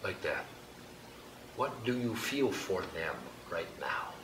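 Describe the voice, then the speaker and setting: A man leading a group exercise in a hall, giving slow, gentle instructions with light laughter. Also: sits low, lively intonation. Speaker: workshop leader. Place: hall with an audience. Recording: echoey room, background noise.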